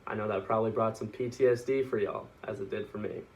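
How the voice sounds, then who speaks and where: A man's voice: fairly low pitch, fairly even intonation, fast talker, darkish tone, distant mic, low-quality recording. A young man from Texas, giving a casual, joking informative speech to his class. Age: young adult. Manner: casual, joking, with small restarts.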